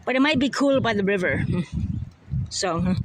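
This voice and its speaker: A slightly hoarse live-stream vlogger, freshly woken, chatting casually and repeating words while walking a city street outdoors, filmed on a handheld phone. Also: mid-range voice, expressive, moderate pace, poor audio. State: a bit hoarse, just woke up. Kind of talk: casual walking livestream chat.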